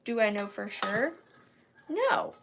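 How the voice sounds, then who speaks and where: A woman's voice: mid-range voice, sing-song, slow pace, creaky, background noise. A woman hosting a live online antiques sale from her home office, chatting with viewers by name and counting down bids. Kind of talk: live-stream auction chat.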